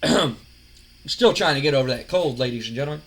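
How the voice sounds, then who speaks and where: A man's voice: medium pitch, lively intonation, brisk, breathy edge. A man, casually recounting a wrestling management game as a rambling storyteller who acts out quoted lines. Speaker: game commentator. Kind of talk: casual play-by-play retelling of a wrestling sim.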